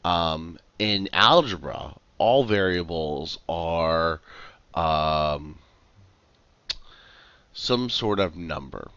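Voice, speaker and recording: A man's voice: deep voice, expressive, drawn-out words, long pauses, bright, forceful tone, clean tone, no room sound, highs cut off. A man running a casual live coding tutorial over a headset mic, chatty and rambling, with lots of fillers and restarts. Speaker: livestream programming tutor.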